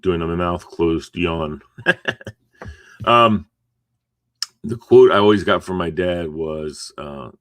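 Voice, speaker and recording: A deep-voiced middle-aged man takes it slowly, pausing often, his tone a bit bright in clean, echo-free studio sound. He has just woken up and hosts a morning encouragement livestream from home, chatting in a sleepy ramble full of yawns and chuckled asides.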